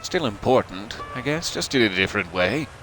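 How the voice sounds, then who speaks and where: Game streamer, male, low but animated, playful running commentary. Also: moderate pace, faint music behind. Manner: whimsical, musing, chatty. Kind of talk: let's play commentary.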